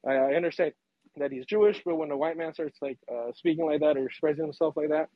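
A man's voice: fairly high pitch, fast, dry recording. A man calling in to a podcast, blunt and earnest, laughing between points. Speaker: caller. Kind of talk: casual call-in chat. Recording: dull, dry phone-in audio.

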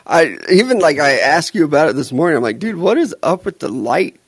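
Brief: male podcast co-host, gravelly husky voice, teasing banter, dry close sound. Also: a little high, very animated, a little fast, dry recording. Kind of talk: casual chat.

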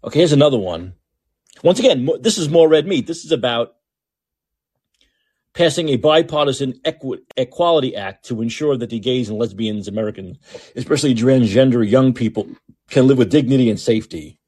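A man's voice: medium pitch, expressive, brisk, a little mellow, breathy edge, dry recording. A man hosting a podcast with opinionated political commentary, talking in a sarcastic, mocking, repetitive way. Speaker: podcast host.

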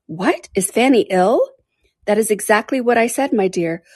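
A woman's voice: a little high, lively intonation, normal speed, a little mellow, breathy edge, no room sound, clean studio sound, voice pushed up. A woman reading as a chatty gossiping old lady. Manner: breathless chatty gossip, exclaiming often. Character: garrulous gossiping older woman, warm-hearted busybody. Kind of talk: audiobook character voice.

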